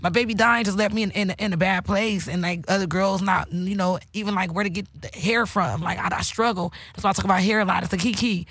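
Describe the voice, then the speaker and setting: A woman's voice: mid-range voice, fairly even intonation, fast, hardly any pauses, fairly bright tone. A woman hosting her own podcast, talking candidly and emotionally, swearing often. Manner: emotional, preachy, heavy swearing. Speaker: host. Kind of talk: candid casual podcast talk.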